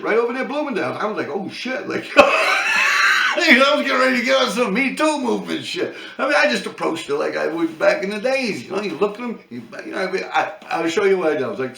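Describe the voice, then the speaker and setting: A man's voice: sits high, very animated, quick pace, gravelly, bright, forceful tone, reverberant, distant mic. A man in his fifties from New York City with a New York accent, telling profane, rambling stories with lots of laughing. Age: 50s. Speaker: vlogger. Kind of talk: casual storytelling rant.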